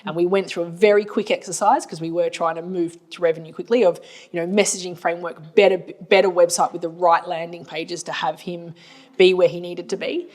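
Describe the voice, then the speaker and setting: Australian woman, slightly low voice, chatty and blunt, colloquial storyteller for a business podcast. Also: flat delivery, brisk, darkish tone. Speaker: marketing agency owner and podcast co-host. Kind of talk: casual business podcast chat.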